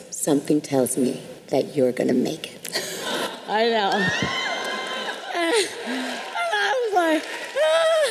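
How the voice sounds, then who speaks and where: A woman telling a lively story on a live panel, laughing often and acting out the voices. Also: a little high, long reverb tail, noisy background. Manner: animated, laughing, acts out voices. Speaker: panel guest. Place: large hall before an audience.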